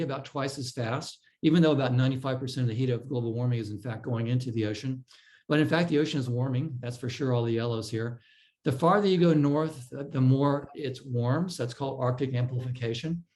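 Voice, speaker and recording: A man giving an explanatory slide presentation to a club, pausing with fillers and restarting phrases. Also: mid-range voice, darkish tone, rough recording. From California. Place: club meeting room.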